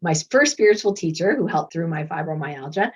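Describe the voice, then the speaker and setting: A middle-aged woman, a doctor and author, chatting as an interview guest and telling lively stories. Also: sits low, a little fast, slightly rough. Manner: lively storyteller who acts out quoted voices and laughs often. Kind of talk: casual interview chat. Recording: dull lo-fi recording.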